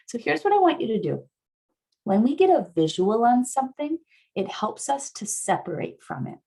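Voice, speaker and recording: Over a video call, a woman therapist leads an online workshop exercise with an earnest manner, now and then lifting into excited affirmations. She speaks at a medium pitch and is appearing as a somatic therapist guest speaker.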